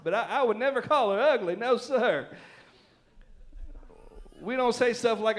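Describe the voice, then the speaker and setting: A Southern American pastor preaches in a high, light voice. He is folksy and playful, pausing to check in with his listeners and joking his way through his points. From Southern United States. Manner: folksy, joking, lots of "right?" and laughter. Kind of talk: sermon.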